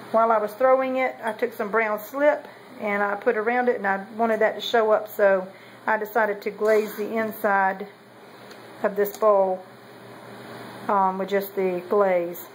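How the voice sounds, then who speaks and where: A woman's voice: mid-range voice, steady tone, measured pace, slight background noise, rough recording. A woman, talking casually in a meandering way with many ums and self-corrections as she shows her pottery. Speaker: potter showing kiln results. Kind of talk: casual show-and-tell vlog.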